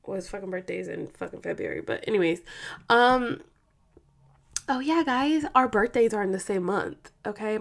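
A woman's voice: medium pitch, a bit bright. Profane rambling young woman. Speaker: vlogger. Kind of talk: casual ranting monologue. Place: home.

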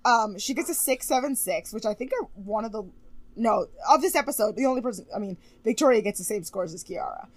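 A young woman co-hosting a podcast, chatting casually and animatedly about a TV show, gossipy and quick to laugh, sounding a bit tired. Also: medium pitch, lively intonation, dry recording. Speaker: podcast co-host recapping a TV show. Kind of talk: casual chat.

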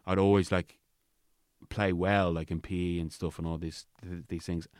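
A man's voice: sits low, normal speed, dry recording, studio quality. An Irish man telling a story in casual chat, rambling, swearing freely and filling his talk with "like". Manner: rambling, frequent swearing and filler "like"; animated retelling with voiced quotes. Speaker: guest.

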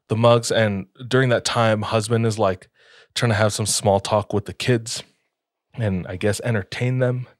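A man's voice: on the low side, dry recording, studio quality. A young man casually telling a spooky story on a podcast, laid-back with lots of filler words.

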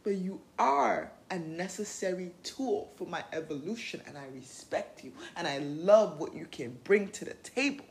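A woman's voice: lowish voice, lively intonation, moderate pace, creaky, hardly any pauses, slight background noise. A woman hosting a podcast, giving casual self-help talk in a blunt, profane and playful way. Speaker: podcast host.

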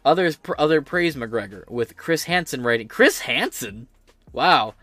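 A man's voice: mid-range voice, animated, unhurried, sharp tone, dry recording. An American man hosting a podcast, giving blunt, profane and sarcastic political commentary while reading headlines aloud. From United States. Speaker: podcast host.

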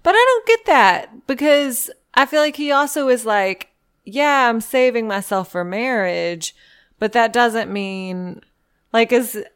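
A woman's voice: fairly high pitch, measured pace, clean tone. A young woman co-hosting a podcast, chatting casually and wryly, laughing often. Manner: wry, joking, laughs often. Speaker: podcast co-host.

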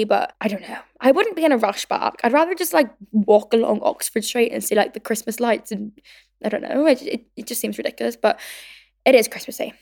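A podcast host in her twenties, from Northern Ireland with a Belfast accent, has a fairly high, creaky voice. She keeps things chatty, says "like" constantly, and dramatizes the quotes when telling stories.

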